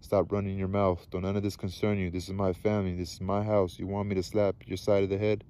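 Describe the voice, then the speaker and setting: A man's voice: sits low, little pitch movement, fast talker, mellow, close to an everyday voice. A man reading a novel aloud, voicing a furious, harsh middle-aged father who scolds his family.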